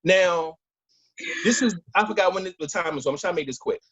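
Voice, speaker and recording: A man with a fairly high, husky voice tells a story in loose, casual talk. He acts out each phone call as he goes. The audio is dry and dull, like a lo-fi podcast. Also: a little fast, dry recording. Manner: animated storyteller acting out phone calls. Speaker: podcast co-host.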